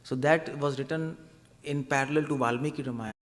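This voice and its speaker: A man's voice: a little high, steady tone, a little fast, long reverb tail. A man giving a devotional lecture as a preacher, conversational and often asking his audience questions. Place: temple hall.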